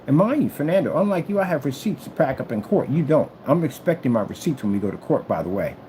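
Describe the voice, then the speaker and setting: A man's voice: quick pace, a little hiss or hum. A man showing off his product in a vlog, taunting a rival and repeating his jabs. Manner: taunting and trash-talking, repeats phrases; animated swings between loud and low. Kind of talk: boastful product demo vlog.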